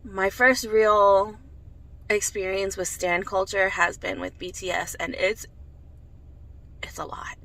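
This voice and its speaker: A woman's voice: medium pitch, flat delivery, measured pace, fairly bright tone, rough recording. A woman in her thirties chatting casually to her vlog viewers, rambling freely from one thought to the next. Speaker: vlogger. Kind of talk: casual chat.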